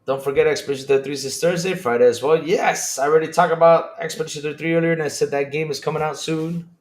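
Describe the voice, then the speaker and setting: Excitable man streaming games, high voice. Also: fast. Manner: excitable, repetitive, laughing. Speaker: gaming streamer. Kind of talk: live stream chat with viewers.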